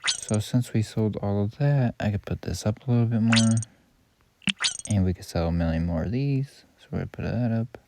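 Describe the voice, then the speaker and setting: A man's voice: on the low side, normal speed. A man giving casual, rambling commentary on his own game, correcting himself as he goes. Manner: rambling, self-correcting, offhand. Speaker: gaming YouTuber. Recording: loud background noise.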